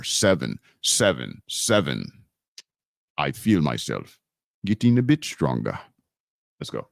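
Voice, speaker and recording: A man's voice: mid-range voice, no room sound, studio quality. A man hosting a live online teaching, preaching about law and scripture with emphatic repetition and frequent restarts. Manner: preachy, emphatic, repeats key phrases. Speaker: host of a live teaching stream.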